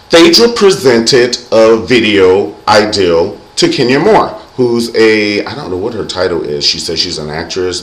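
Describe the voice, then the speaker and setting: A man's voice: mid-range voice, reverberant, low-quality recording. A man hosting a casual comedic recap vlog, sassy and full of catchphrases. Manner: sassy, animated, catchphrase-heavy. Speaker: vlog host reviewing a reality show.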